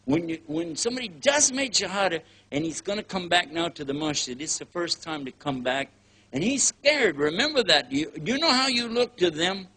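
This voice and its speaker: Older Texan male preacher, folksy and joking, acts out quoted voices; husky, a touch high. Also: sing-song, moderate pace, sharp tone. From Texas, USA. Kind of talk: casual lecture.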